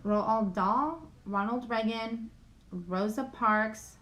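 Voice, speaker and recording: A woman with a fairly high voice talks her way through a casual livestream from home. She reads a list aloud in a chatty, self-deprecating way and keeps saying sorry for her pronunciation. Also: drawn-out words, a bit bright. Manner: chatty, apologizes for mispronouncing names. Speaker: YouTube livestream host.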